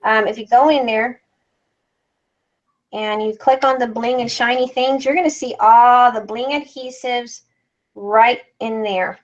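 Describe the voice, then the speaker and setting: A woman chats casually while crafting on a livestream, reading viewer comments aloud as she works. Her voice sits a little high. The recording sounds dull and lo-fi. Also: fairly even intonation, unhurried. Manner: chatty, reads out viewer comments while working.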